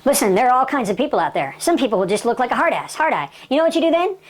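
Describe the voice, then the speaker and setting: A woman coaching salespeople in an emphatic, punchy way, firing off rhetorical questions and dropping in personal stories. Her voice sits fairly high and swings widely in pitch. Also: big pitch swings, racing. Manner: tells personal anecdotes, laughs now and then. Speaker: sales trainer.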